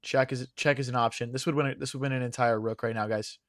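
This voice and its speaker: This is casual stream commentary from a young man who reasons out chess moves aloud and keeps addressing chat as "guys." His medium-pitched voice is a bit bright, fairly even, and quick, but it's wearing out after hours of talk. The recording is dry and close, with no sense of a room.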